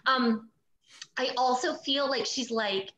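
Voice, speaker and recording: Woman medium on a video call; bright, halting delivery with lots of fillers. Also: sits high, steady tone. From Canada. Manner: halting, searching, full of fillers. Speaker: psychic medium. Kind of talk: live online group reading. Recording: echoey room on a video call.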